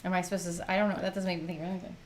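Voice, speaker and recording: Mom co-hosting a livestream, candid and kinda exasperated, middle-aged. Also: female voice, on the low side, level tone, very fast. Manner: candid, exasperated about her kids. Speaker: livestream co-host. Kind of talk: casual chat.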